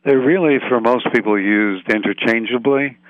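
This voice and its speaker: A man speaking as a psychologist guest in an interview, explaining calmly with analogies. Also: medium pitch, normal speed, no room sound, phone-quality sound. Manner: calm explanatory, uses analogies. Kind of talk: interview answers.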